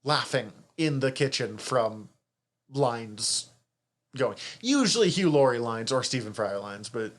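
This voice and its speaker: A man co-hosting a podcast in casual chat, animated and often swearing as he exclaims. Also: medium pitch, measured pace. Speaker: podcast co-host.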